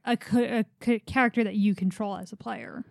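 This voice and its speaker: A woman co-hosting a casual podcast chat, mostly giving calm, brief agreeing replies. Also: mid-range voice, fairly quick, creaky, no room sound, clean studio sound. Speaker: podcast co-host.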